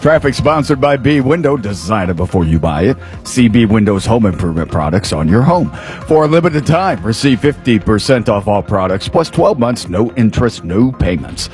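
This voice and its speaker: A man giving a radio traffic report and reading a sponsor ad in a brisk announcer delivery. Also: medium pitch, lively intonation, a little mellow, soft background music.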